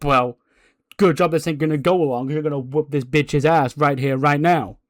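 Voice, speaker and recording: A man voicing a brash female wrestler who barks orders in a crude, shouting way. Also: on the high side, fairly even intonation, normal speed, dry recording, clean studio sound, natural voice. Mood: bossy.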